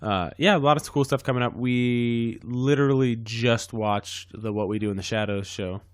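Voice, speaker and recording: A man's voice: medium pitch, steady tone, normal speed, dry recording, studio quality. Rambling man on a casual podcast. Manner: rambling, loses his train of thought, swears casually. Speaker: podcast co-host. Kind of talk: casual chat.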